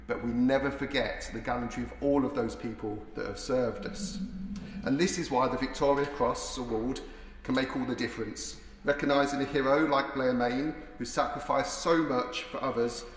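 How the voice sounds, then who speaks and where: Brief: male MP, mid pitch, earnest, some stumbles, roomy chamber with faint hiss. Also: fairly even intonation, normal speed. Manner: earnest, stumbles over words. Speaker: member of parliament. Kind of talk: parliamentary debate speech. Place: debating chamber. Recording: echoey chamber with faint noise.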